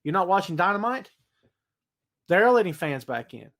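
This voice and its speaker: On his solo live-stream wrestling show, a high-pitched male podcast host talks at a normal speed. His delivery is an animated rant as he hypes predictions and reads viewers' chat comments aloud.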